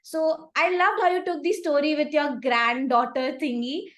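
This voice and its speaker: A young woman giving upbeat, encouraging feedback to speakers at a club meeting, with gentle suggestions for each one. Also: high-pitched, fairly even intonation, normal speed. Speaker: table topics evaluator.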